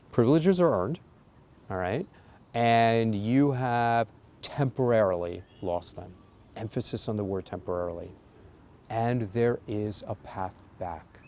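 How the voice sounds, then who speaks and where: A man with a low, gravelly, mellow voice gives an instructional talk to parents. He coaches earnestly and leans hard on his key points. The delivery feels like a teaching video. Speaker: parenting educator.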